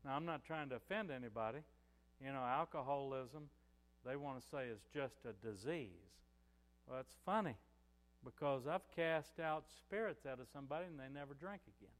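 A man's voice: medium pitch, normal speed, big-room sound. An older man preaching a sermon as pastor, in a conversational way with many "you know" fillers.

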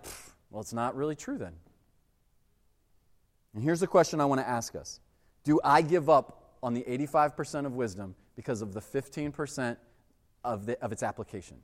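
A high-pitched young man preaches with a lively, swooping delivery. He acts out the voices in his stories with animated energy. His voice rings out in the long reverb of a large hall. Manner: animated storytelling with acted-out quotes. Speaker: pastor. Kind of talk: sermon.

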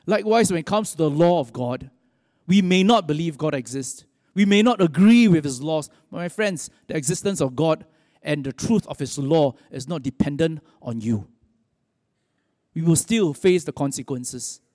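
A man's voice: on the high side, lively intonation, normal speed, a little mellow, studio quality. A man preaching a sermon as pastor, conversational and asking his listeners questions. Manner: conversational, asks the audience questions. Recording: long hall reverb.

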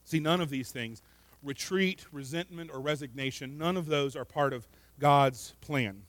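Speaking at medium pitch and normal speed with no echo, a pastor delivers an earnest sermon. He repeats words often and alternates between forceful, loud emphasis and softer asides.

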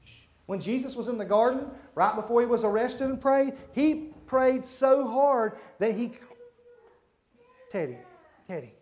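A man's voice: extremely high pitch, moderate pace. Man leading a children's sermon. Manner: asks children questions, talks simply and warmly to kids; hushes and redirects children mid-talk. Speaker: children's church leader.

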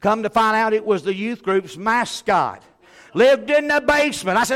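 Higher-voiced middle-aged male preacher telling stories. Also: normal speed. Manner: animated, laughs at his own stories, clears his throat often. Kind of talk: humorous sermon storytelling.

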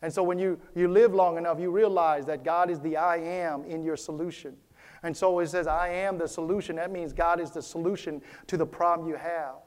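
A pastor delivers a sermon to his church, his voice sitting on the high side with a steady tone and a brisk pace. He repeats his key phrases in a preacherly way and calls out to the congregation for a response.

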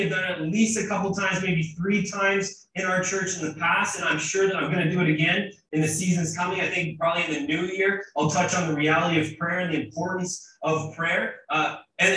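A pastor in his thirties preaches with an animated, emphatic delivery, stumbling over his openings now and then. His voice sits high and sounds bright and forceful. He is recorded from a distance in a very echoey church. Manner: animated and emphatic, with frequent restarts. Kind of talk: sermon.

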